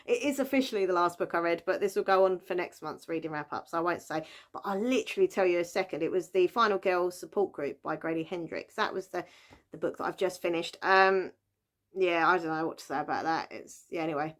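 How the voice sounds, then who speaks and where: British woman, mid pitch, chatty book vlogger, rambling, laughs a lot. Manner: chatty, rambling, laughs often, many fillers. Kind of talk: casual chat.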